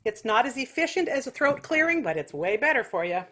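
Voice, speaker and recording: High bright-voiced woman teaching vocal exercises. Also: big pitch swings. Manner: nasal quacking vocal exercises between slow spoken instructions. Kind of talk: online singing lesson with vocal demonstrations.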